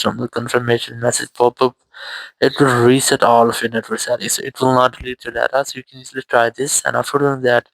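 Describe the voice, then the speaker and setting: A man talks through a phone fix one step at a time, steady and level, his pitch barely moving. His phrasing is plain and repetitive, like reading off the screen. The sound is dry and close, with no room around it. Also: dry recording, low-quality recording. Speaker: tech tutorial presenter. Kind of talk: step-by-step screen tutorial voice-over.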